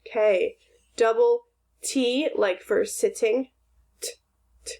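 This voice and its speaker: Female teacher, slightly high voice, slow, clear delivery for young kids, asks questions and gives praise. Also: dark tone. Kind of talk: phonics and grammar lesson for young children.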